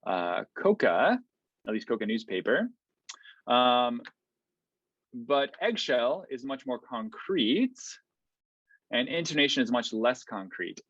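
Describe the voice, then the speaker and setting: A man lecturing over a video call, talking things through in a loose, explanatory way and filling pauses with ums and okays. His voice sits in a middle pitch. The audio is dry and a little dull and lo-fi. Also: no room sound. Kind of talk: online academic lecture.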